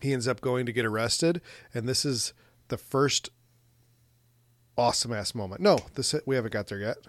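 A man's voice: mid-range voice, normal speed. A man co-hosting a podcast, casually recapping a movie with crude jokes and frequent laughter. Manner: laughs often, animated retelling with crude jokes. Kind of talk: casual chat.

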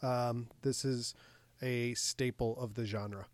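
A man co-hosting a casual movie podcast, excitable, swearing freely and laughing a lot. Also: medium pitch, takes it slowly. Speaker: podcast co-host. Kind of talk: casual movie review chat.

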